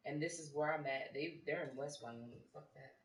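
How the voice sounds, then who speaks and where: A man's voice: on the high side, normal speed, echoey room, recorded from a distance, poor audio. A man co-hosting a casual chat, rambling and joking.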